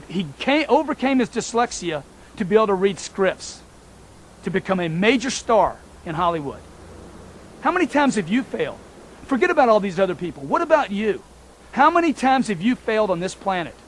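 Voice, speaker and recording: A man with a high voice gives a motivational talk, speaking emphatically and repeating himself as he addresses his listeners directly as "folks." There's slight background noise in the recording.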